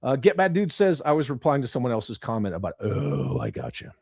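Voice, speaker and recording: A man hosting a casual livestream, reading viewer comments aloud and reacting bluntly with lots of swearing, his voice swinging from loud outbursts to muttered asides. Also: medium pitch, huge pitch swings, brisk, gravelly, breathy edge, no room sound, studio quality. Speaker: livestream host.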